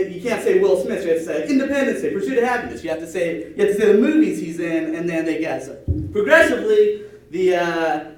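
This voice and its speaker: A young man doing stand-up, rambling and hesitant, with a high, lively voice. He is heard through an echoey room, picked up from far off by a camera. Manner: rambling, hesitant, many restarts and fillers. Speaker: stand-up comedian. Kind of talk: stand-up routine. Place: small room with an audience.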